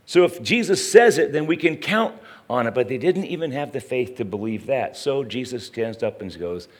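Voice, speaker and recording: A man's voice: medium pitch, lively intonation, normal speed, slight background noise. A middle-aged man preaching a sermon in a conversational way, often asking the listeners questions. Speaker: pastor.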